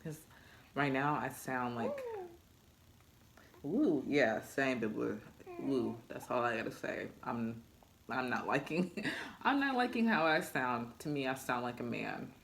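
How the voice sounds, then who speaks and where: A young woman, a new mother, chatting casually in a vlog with a deep, low voice, laughing often as she talks. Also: sing-song, unhurried, vocal fry, a little hiss or hum. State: recovering after childbirth.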